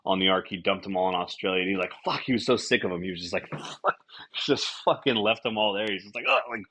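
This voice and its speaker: A man hosting a casual podcast, rambling through a comedic monologue with lots of swearing and animated acted-out quotes. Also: sits low, fast, husky. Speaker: podcast host.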